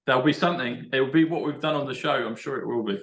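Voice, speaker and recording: An English man hosting a casual chat, excitable and rambling as he works through number codes aloud. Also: medium pitch, fast, reverberant. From England. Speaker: show host.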